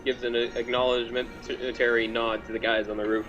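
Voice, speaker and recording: A man's voice: mid-range voice, little pitch movement, fairly bright tone, lo-fi sound, faint music behind. Hesitant man playing a tabletop game. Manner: hesitant, halting. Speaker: player.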